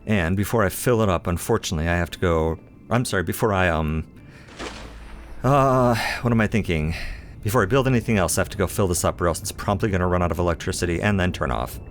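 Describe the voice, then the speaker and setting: A let's play host talks quickly in a low voice, with soft background music. His casual gaming commentary is chatty and playful as he talks to himself and jokingly teases himself in a self-deprecating way.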